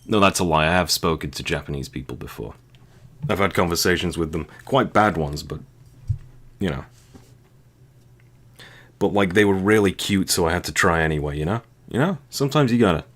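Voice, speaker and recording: A man's voice: low-pitched, animated, a little fast, pauses often, fairly bright tone. A man with a sore, dry throat, joking and rambling crudely while playing a video game. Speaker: game streamer. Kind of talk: casual let's-play commentary.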